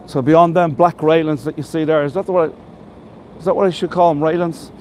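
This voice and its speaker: A man from Ireland, his voice fairly high, steady in tone, a little fast, and slightly mellow, guides a live walking tour through city streets and gives viewers shout-outs. This chatty, enthusiastic tour guide praises the buildings he shows in superlatives, amid faint street and traffic noise.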